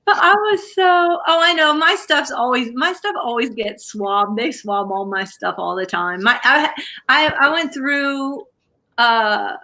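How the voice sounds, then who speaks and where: A woman's voice: on the high side, sharp tone. A woman hosting a livestream, chatting casually and telling rambling stories to her viewers with lots of fillers. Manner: chatty storyteller with many fillers. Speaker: livestream crafting host. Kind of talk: casual chat to a live audience.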